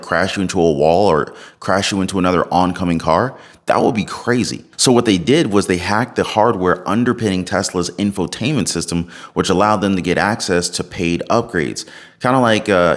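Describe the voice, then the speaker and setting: A man hosting a casual commentary vlog, joking and sarcastic as he talks to his viewers. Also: low-pitched. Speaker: host.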